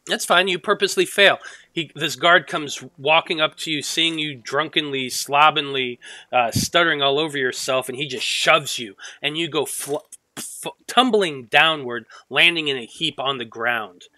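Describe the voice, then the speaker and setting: A man's voice: a little high, normal speed, sharp tone, dry recording, rough recording. A man narrating as game master, loose and profane, often restarting his sentences.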